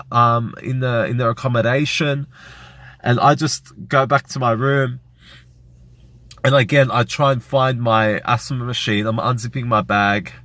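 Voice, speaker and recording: Guy with a lowish voice telling a scary story to camera, rambly and emotional. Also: a bit bright, dry recording. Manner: emotional, rambling retelling with fillers. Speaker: vlogger. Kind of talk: personal story vlog.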